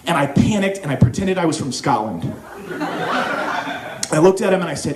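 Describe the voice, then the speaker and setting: A young man from Oklahoma doing an animated stand-up set, dropping in mock accents and silly voices. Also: a little high, quick pace, long pauses. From Oklahoma, USA. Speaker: stand-up comedian. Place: comedy club stage with live audience. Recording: echoey club room with crowd laughter. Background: audience laughing.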